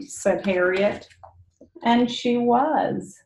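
A woman reading a picture book aloud to children, expressive and pausing to ask them questions. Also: medium pitch. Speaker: read-aloud storyteller for children. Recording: echoey room.

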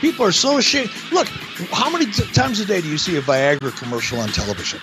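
A middle-aged man talks in a high, swooping voice, telling stories bluntly and with plenty of swearing. It is a casual podcast chat, with music playing clearly underneath. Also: lively intonation, fast, low-quality recording. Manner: blunt and profane, tells stories animatedly. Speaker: podcast host, former wrestling executive.

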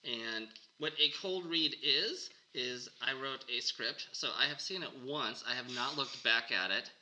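Bright-voiced chatty male podcast host. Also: medium pitch, measured pace, poor audio. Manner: chatty, laughs often. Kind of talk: casual interview chat.

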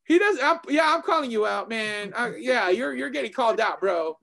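A man with a high-pitched voice chats casually as a co-host, animated and excitable. He tends to repeat phrases as he gets worked up, in the loose tone of a martial arts instructor. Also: moderate pace, creaky, a little hiss or hum. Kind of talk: casual chat.

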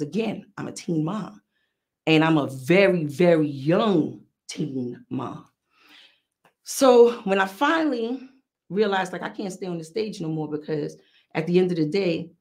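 A middle-aged woman with a New York accent, hosting a podcast and telling a story in a casual, animated, profane way. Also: on the low side. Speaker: podcast host.

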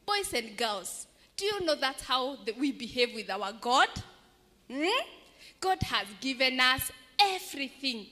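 A woman telling an animated children's story in church and asking the children questions. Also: high voice, measured pace. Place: large church. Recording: echoey church hall.

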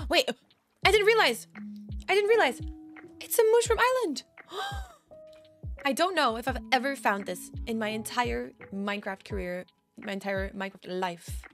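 A woman giving casual, chatty gameplay commentary, easily excited and gasping at new finds. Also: mid-range voice. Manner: chatty, excitable, gasps at discoveries. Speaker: Minecraft gaming creator. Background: background music.

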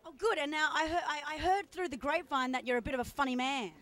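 A woman with an Australian accent reporting from a festival, her voice pitched high. She asks questions in a chatty, playful and encouraging way. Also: fast, a bit bright. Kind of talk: festival red-carpet interview. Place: busy festival event in New York.

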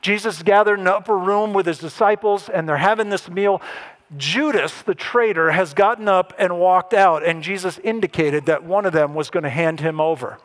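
Animated higher-voiced man preaching. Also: normal speed. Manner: animated, acts out quoted lines with rising pitch and emphasis. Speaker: pastor. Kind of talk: sermon.

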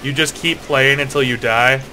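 A young man chatting and joking while playing a game with friends, with excitable outbursts. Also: medium pitch, normal speed. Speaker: gamer. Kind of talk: casual gaming chat.

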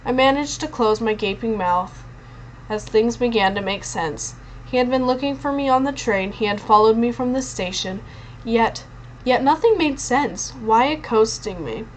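Expressive woman reading a storybook aloud. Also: fairly high pitch, normal speed, slight background noise, rough recording. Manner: expressive, with occasional stumbles. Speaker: audiobook reader. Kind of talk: storybook narration in first person.

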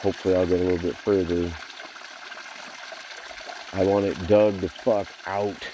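A deep-voiced man in his forties delivers a bitter vlog rant that is thick with swearing. His voice sits very low. Faint running water trickles behind him. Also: little pitch movement, normal speed, background noise. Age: 40s. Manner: bitter, profane ranting. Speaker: vlogger. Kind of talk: venting vlog monologue.

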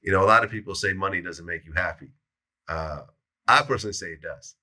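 Low, bright-toned male interviewer. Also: fast. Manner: relaxed, sums up and prompts. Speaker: interviewer, show host. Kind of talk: interview questions.

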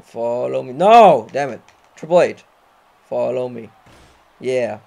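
A young man commenting on his own wrestling video game playthrough, often frustrated and yelling or swearing at the game. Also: medium pitch, fairly even intonation, measured pace, gravelly. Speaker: gamer recording a playthrough. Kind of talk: live gameplay commentary.

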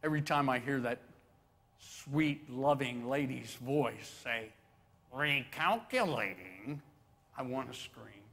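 A man's voice: mid-range voice, steady tone, measured pace, creaky, in a large hall. A man preaching a sermon as pastor, folksy and joking, building to swelling emphasis on key phrases. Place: church sanctuary.

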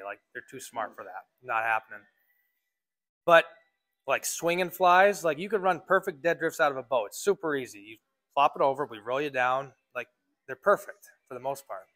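A man's voice: medium pitch, fairly bright tone. A man working as a fishing guide, giving a casual talk to a club audience and speaking in a loose, filler-heavy way.

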